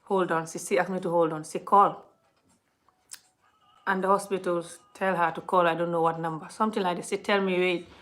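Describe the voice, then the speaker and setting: A woman's voice: lowish voice, fairly quick. A woman on a live stream, chatting casually and telling a long story to her viewers. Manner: chatty, talks a lot; animated retelling, often addresses viewers.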